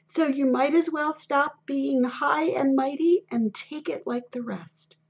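A woman's voice: high-pitched, slow pace, vocal fry, heavily acted. A woman reading the part of a hostile male shoe store clerk who scolds sharply, on a dull lo-fi recording.

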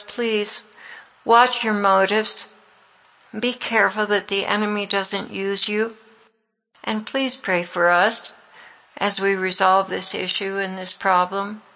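A woman ministry leader speaks to her followers in a sermon-like message, earnest and pleading. Her voice is bright and forward, with a gravelly fry at the ends of phrases. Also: medium pitch, poor audio.

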